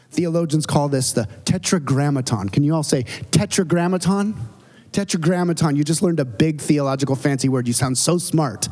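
A pastor in his forties preaching a dramatic, storytelling sermon, his pitch rising and falling widely. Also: moderate pace, a little mellow. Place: church sanctuary. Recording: long reverb of a church hall.

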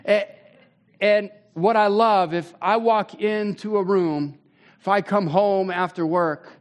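A man in his thirties preaching a sermon as pastor, conversational and animated with sudden loud bursts. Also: sits high.

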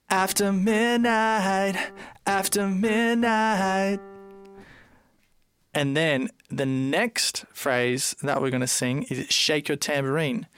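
Clear male co-host who teaches methodically, dry close sound. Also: mid-range voice, fairly bright tone, no echo. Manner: clear, methodical, counts beats aloud. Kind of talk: singing lesson.

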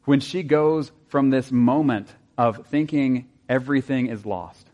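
A man's voice: medium pitch, a little slow, muffled recording. Man preaching a conversational sermon. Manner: conversational preaching with rhetorical questions and soft asides. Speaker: pastor.

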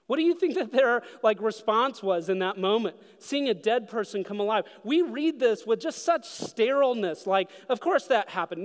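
A man preaching a sermon as pastor, moving between loud urgent questions and hushed solemn passages. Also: high-pitched, animated, normal speed, hardly any pauses, long reverb tail.

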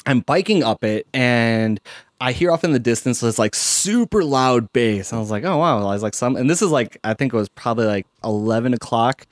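Male co-host, casual rambling storyteller, mid-pitched, worked-up ranter. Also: animated, fairly quick, no echo, studio quality. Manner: rambling, heavy use of "like", gets heated.

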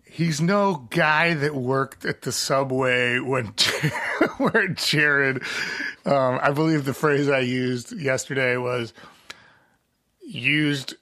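A man's voice: mid-range voice, takes it slowly, pushed and bright, no room sound. A man hosting a casual comedic chat, rambling and joking, laughing at his own bits. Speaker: podcast host.

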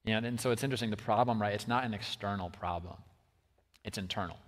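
A man preaching a sermon in a casual, chatty way with many fillers, his voice swinging between soft stretches and lively bursts. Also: fairly low pitch, fast talker. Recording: long reverb of a large hall.

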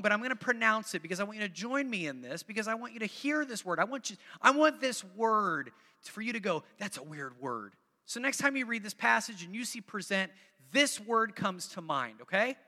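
High, bright-voiced preacher in a reverberant hall. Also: male voice. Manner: conversational, repeats phrases for emphasis; coaxes the congregation to join in. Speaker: pastor. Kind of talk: sermon.

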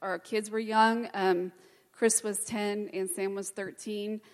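A woman's voice: medium pitch, fairly even intonation. Hesitant middle-aged woman giving testimony. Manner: hesitant, many pauses and fillers. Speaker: church member sharing her testimony. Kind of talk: personal testimony. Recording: long hall reverb.

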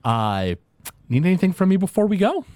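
A man's voice: high-pitched, very animated, fairly quick, a little mellow, dry recording, studio quality, voice pushed up. A man voicing Zoff, a nervous young male apprentice who hesitates and stammers. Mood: unsure.

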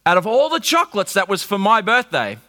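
Bright-voiced pastor in a hall. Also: male voice, high-pitched, fairly quick. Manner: animated storytelling, wry humour. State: recovering from flu. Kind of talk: sermon. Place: church hall. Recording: reverberant hall.

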